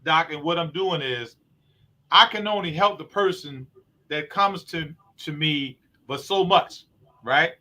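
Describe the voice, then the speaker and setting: A man who owns a recovery program hosts a talk show, earnestly explaining his work in conversational discussion. His voice is a little high and a little slow, with a sharp tone.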